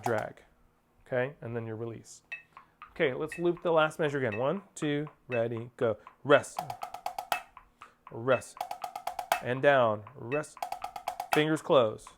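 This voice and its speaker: A man's voice: mid-range voice, measured pace, long pauses, music in the background. A man teaching a percussion lesson, counting off and singing rhythms aloud as he coaches. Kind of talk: instructional drum lesson. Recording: spoken over loud percussion playing.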